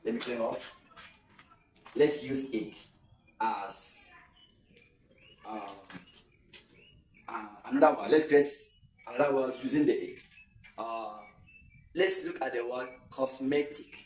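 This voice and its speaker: A Nigerian man teaching at a board who explains patiently and repeats himself for emphasis. His voice sits at an ordinary pitch and is picked up from across a roomy classroom, with a faint hiss under it. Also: takes it slowly, pauses often, darkish tone. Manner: explanatory, repeats phrases, many fillers. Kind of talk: classroom exam tutorial. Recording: roomy, distant camera mic with faint hiss.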